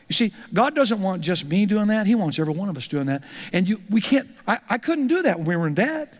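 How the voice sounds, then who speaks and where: A man's voice: high voice, big pitch swings, fast, few pauses, long reverb tail. A male pastor teaching church leaders in a conversational, storytelling way, often repeating words as he starts a thought.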